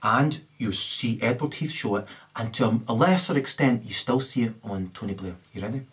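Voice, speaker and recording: Man, mid pitch, rambling rant to camera, tags lines with "right?". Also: moderate pace, fairly bright tone. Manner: keeps tagging "right?" onto his sentences. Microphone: camera mic.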